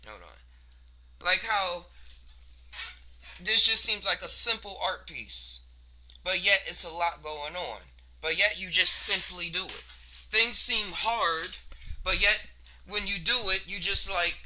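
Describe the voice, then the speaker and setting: High, bright-voiced man musing casually. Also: lively intonation, a little slow, a little hiss or hum. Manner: rambling, laid-back, slangy, laughs between thoughts. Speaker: podcast host. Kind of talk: casual solo monologue.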